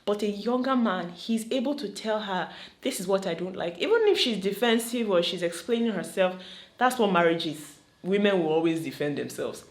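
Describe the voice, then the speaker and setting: A woman with a Nigerian accent giving animated, opinionated commentary on a reality show, slipping into Pidgin. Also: mid-range voice, normal speed. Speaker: vlogger reacting to a reality show. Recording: roomy echo.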